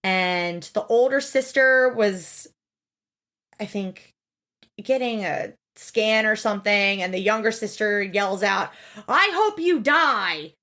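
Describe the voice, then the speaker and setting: A woman co-hosting a podcast, chatting casually and expressively as she recaps a TV show, swearing freely and acting out quotes. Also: slow. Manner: animated, expressive, swears freely, acts out quotes with big pitch jumps. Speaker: podcast co-host.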